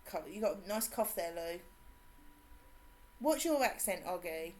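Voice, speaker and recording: An English woman whose accent blends Suffolk, Cockney and a Brummie twang. She chats in a bubbly way with her viewers while streaming a game. She greets people warmly by name and laughs often. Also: lowish voice, animated, measured pace. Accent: English, mixed Suffolk, Cockney and Brummie. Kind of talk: casual live-stream chat.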